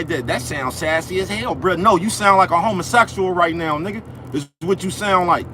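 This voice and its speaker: A man's voice: high-pitched, sharp tone, a little hiss or hum. A young man hosting a livestream from outdoors, ranting in a profane, repetitive way and constantly checking that listeners follow him. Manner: profane, repetitive, keeps asking "you know what I'm talking about". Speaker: livestream host. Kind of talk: ranting live-stream monologue. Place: outdoors in the cold, near traffic.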